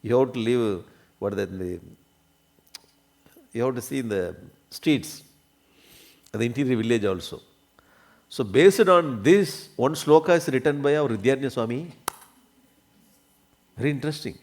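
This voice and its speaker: Man, spiritual teacher, discourse, keeps asking if listeners follow, medium pitch. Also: lively intonation, measured pace, long pauses, a little mellow. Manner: checks understanding often, coughs now and then. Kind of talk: religious discourse.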